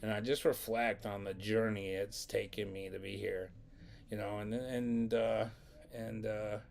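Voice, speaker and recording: A man's voice: lowish voice, little pitch movement, a little slow, creaky, a little mellow, a little hiss or hum. A young man casually telling a long, rambling, profane story from his school days in a vlog. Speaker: vlogger.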